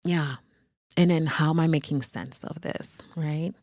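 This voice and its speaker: Her voice sits low and her tone stays steady, with a measured pace and clean studio sound free of echo. A woman podcast host and therapist, she reflects on her own, gently conversational, searching and frequently self-correcting as she thinks aloud.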